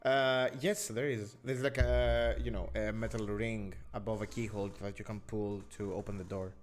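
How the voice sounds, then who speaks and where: A man narrating as game master in an online tabletop game, pausing often with filler sounds as he describes the scene. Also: on the low side, flat delivery. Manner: unhurried, many filler "uh"s, hedging descriptions. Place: online voice call.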